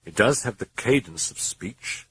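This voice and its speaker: A man's voice: lowish voice, expressive, a little slow, a bit bright, breathy edge, voice pushed up, full character voice. A man voicing an obliging, courteous scholar at a language institute.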